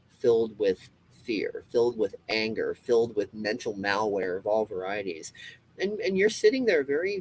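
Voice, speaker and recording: A man's voice: fairly low pitch, a little hiss or hum, rough recording. A man in a profane ranting monologue. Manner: profane, emphatic, repetitive ranting with frequent restarts. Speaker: comedy web show host. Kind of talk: impassioned solo rant to camera.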